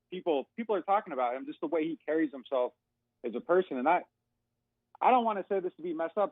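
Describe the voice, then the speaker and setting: A man on a thin, tinny phone line breaks down football practice as a guest reporter. He rambles a bit and leans on "you know" and "like" as he thinks aloud. His voice sits at an ordinary pitch, and the call sounds dry, with no room around it. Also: dry recording. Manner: talkative, rambling with many fillers. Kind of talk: casual phone-in analysis.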